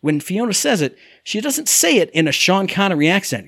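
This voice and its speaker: A man rants animatedly in casual chat, his slightly high voice swinging widely as he acts out characters' lines. The sound is dry and close, with no room around it. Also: big pitch swings, brisk, fairly bright tone, no echo. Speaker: podcast co-host reviewing a game. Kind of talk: casual chat, ranting review.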